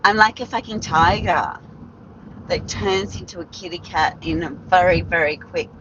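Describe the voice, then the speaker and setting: A woman's voice: on the low side, steady tone, normal speed, fairly bright tone, lo-fi sound, slight background noise. A woman telling stories on a casual live stream, blunt and rambling, swearing freely and restarting her sentences.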